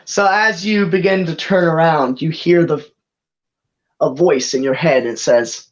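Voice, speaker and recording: A game master narrates a tabletop game in a loose, rambling way, restarting sentences as the scene unfolds. The voice sits at a middle pitch, and the lo-fi recording sounds dull. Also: measured pace.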